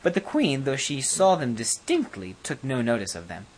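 A narrator reading a fairy tale aloud in an expressive, animated way. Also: medium pitch, normal speed, slight background noise.

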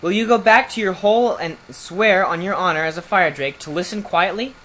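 Storybook hero: a reader playing a bold young prince, high and loud, calling out eagerly. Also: huge pitch swings, quick pace, breathy edge, heavily acted. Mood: excited.

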